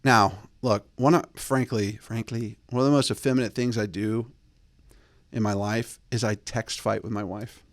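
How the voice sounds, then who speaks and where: A man's voice: fairly even intonation, moderate pace, no room sound. Blunt man lecturing on dating rules. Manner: blunt, bossy, mocks texts in a high put-on voice. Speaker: host. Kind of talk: casual advice monologue.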